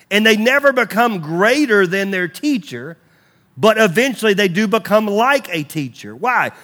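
A man preaching a sermon, animated and acting out quoted voices as he teaches from the Bible. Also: high voice. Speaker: pastor.

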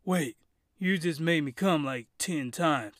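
A man voicing a smug young male protagonist who reasons aloud in a drawn-out way. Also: fairly high pitch, a bit bright, no room sound, studio quality, voice pushed down. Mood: scheming.

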